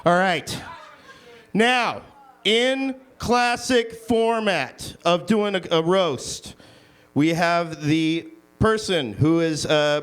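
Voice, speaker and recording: A man's voice: a little high, smooth. A man hosting a comedy roast, keeping the banter loose, joking and profane. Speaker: host and emcee of a comedy roast. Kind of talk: live emcee banter.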